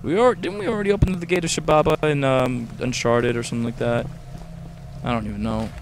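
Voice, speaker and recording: A man's voice: mid-range voice, fairly even intonation, fast, noisy background. A young man hosting a gaming video, rambling casually, exasperated and swearing a lot. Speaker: host.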